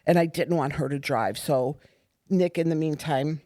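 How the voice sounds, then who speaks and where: A middle-aged woman, a guest and the host's mother, recounting a family story with animated, repetitive delivery and acted-out dialogue. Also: low-pitched, moderate pace, no room sound, clean studio sound. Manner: animated, acts out quoted dialogue, repeats herself. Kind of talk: emotional personal storytelling.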